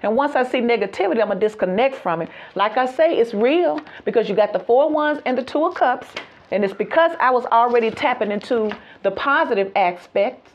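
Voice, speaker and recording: A woman doing a lively tarot reading, often laughing and singing out her phrases. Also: fairly high pitch, a little fast, dull audio. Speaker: tarot reader.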